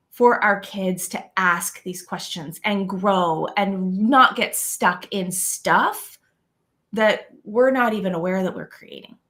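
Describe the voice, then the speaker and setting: A woman's voice: medium pitch, a bit bright. A middle-aged woman, a guest, telling a parenting story in an earnest way and often adding "right?". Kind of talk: casual chat.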